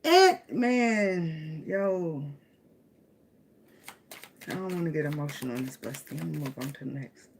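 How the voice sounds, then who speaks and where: A woman's voice: sits low, animated, unhurried, pauses often, breathy edge. A woman with giving a casual tarot reading. She speaks with emotion, laughs often and repeats phrases. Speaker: tarot reader.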